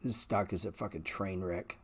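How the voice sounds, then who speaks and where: A middle-aged man hosting a stock trading livestream, talking bluntly and sarcastically with swearing, and jumping into animated, louder rants. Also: normal speed, slightly rough. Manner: animated rants that jump in pitch and volume. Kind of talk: casual livestream chat.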